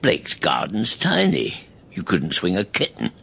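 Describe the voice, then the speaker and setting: A man's voice: sits low, huge pitch swings, a little slow, gravelly, noisy background, heavily acted. An older man playing a fussy, theatrical grandfather in a radio comedy. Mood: exasperated. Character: fussy polite elderly grandfather.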